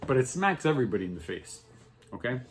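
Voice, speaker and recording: Casual male religious teacher, average pitch, lively storyteller who checks in with his class after every line. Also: fast, faint music behind. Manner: checks in with "okay?" and "right?" constantly; animated storytelling, voice rising with excitement. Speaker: Torah teacher.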